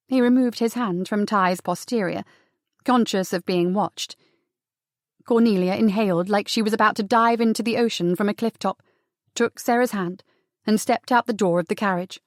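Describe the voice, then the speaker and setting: Casting: woman audiobook narrator, measured and expressive, mid pitch, dry close recording. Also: dry recording.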